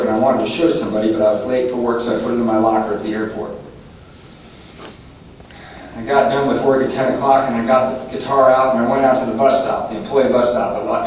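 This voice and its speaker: A man in his forties from California tells a funny personal story at a recovery meeting, laughing often as he goes. His voice sits at an ordinary pitch and reaches the mic from a distance. It bounces around a big, very echoey hall over a steady hum of room noise. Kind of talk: humorous personal testimony.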